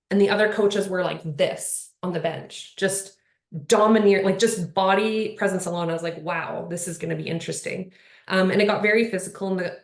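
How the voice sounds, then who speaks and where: A woman speaking on a panel in casual conversation, earnest and rambling, with lots of "like" and "you know". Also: on the low side. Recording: roomy echo.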